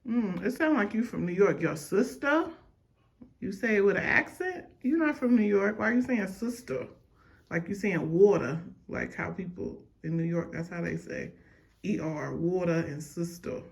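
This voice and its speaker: A woman's voice: fairly low pitch, normal speed, creaky. A woman talking casually and with a teasing ease while she films her children baking in a home kitchen. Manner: relaxed, chatty, colloquial, teasing with her kids. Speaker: mother and home-schooling parent filming her kids. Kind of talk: casual home vlog chat. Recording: roomy with faint background noise.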